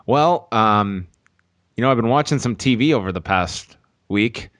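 Man, podcast host, casual chat, dry deadpan humor, dry close mic. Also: lowish voice, measured pace, no room sound. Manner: joking, dry, with small stumbles.

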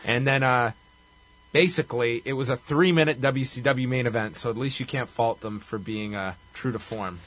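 A man's voice: mid-range voice, moderate pace, a bit bright. A man co-hosting a casual podcast, wryly recapping a wrestling movie with profanity and laughter. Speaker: podcast co-host.

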